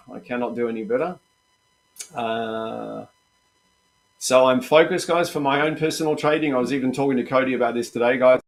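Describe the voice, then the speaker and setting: A man coaching traders in a live session, talking in an upbeat, chatty way. He keeps calling out to his viewers as "guys" while he gives them running market commentary. His voice sits at an ordinary, middle pitch. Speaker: trading coach and host.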